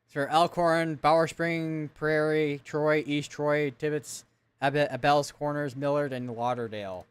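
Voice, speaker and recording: A man's voice: a little high, steady tone, measured pace, clean tone, dry recording. A man giving live severe weather coverage, reading out storm reports and town lists and correcting himself as he goes. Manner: thinks aloud, reads town lists, corrects himself often.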